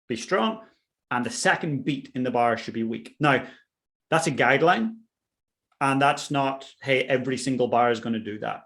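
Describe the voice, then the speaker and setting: Enthusiastic man teaching band drumming. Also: medium pitch. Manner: enthusiastic, affirming. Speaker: pipe band drumming instructor. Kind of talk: instructional conversation.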